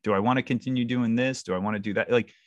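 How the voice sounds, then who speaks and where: A man's voice: mid-range voice, fairly even intonation, rapid-fire, no echo, muffled recording. A man around thirty, easygoing and agreeable in casual chat. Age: 30s.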